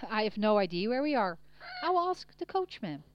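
A woman doing a calm, courteous traveller. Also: medium pitch, brisk, dull audio, slight background noise, lightly acted.

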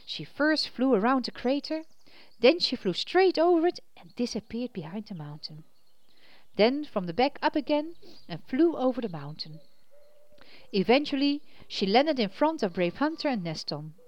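A woman narrating a children's storybook in an expressive reading voice. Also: a little high.

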